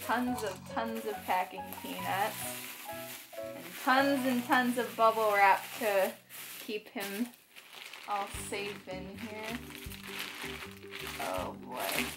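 A woman's voice: medium pitch, slow pace, pauses often, over music. Gushing young woman unboxing vlogger. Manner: gushing, breaks into excited squeals and gasps. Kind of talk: casual unboxing vlog.

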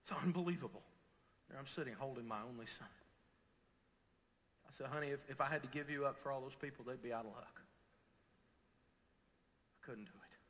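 Middle-aged male pastor, emotional storyteller, bright tone, long reverb of a large church. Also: mid-range voice, brisk, pauses often. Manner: emotional storytelling, swings from loud to hushed. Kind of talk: sermon.

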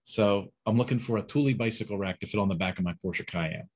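A man's voice: fairly low pitch, fast talker. A man teaching a webinar, coaching staff directly, asking rhetorical questions and acting out sample phone calls. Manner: acts out phone calls in quoted voices. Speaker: sales and service trainer. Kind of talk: webinar instruction.

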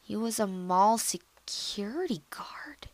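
A woman giving casual let's-play commentary on a computer game, chatty and excitable, jumping into squealy high bursts. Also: takes it slowly, dry recording. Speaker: gameplay commentator.

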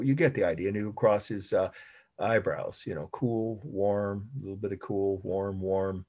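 Husky, unhurried male art lecturer. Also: on the low side, darkish tone, muffled recording. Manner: dictates definitions slowly and repeats them, with many fillers. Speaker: art history instructor. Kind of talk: recorded classroom lecture.

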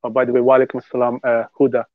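A man's voice: medium pitch, monotone, rapid-fire, no room sound. Male co-host, casual rambling teller, phone-quality dry audio. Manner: rambling storyteller with many restarts. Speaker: podcast co-host. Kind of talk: casual religious discussion. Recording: tinny phone-like dry sound.

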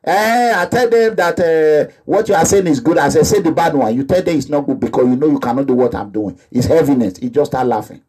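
A man's voice: a little high, fairly quick, few pauses, a little mellow, slightly rough. A man with a Nigerian accent delivering an impassioned, repetitive monologue that slips into pidgin phrases. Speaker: activist vlogger. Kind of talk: animated monologue.

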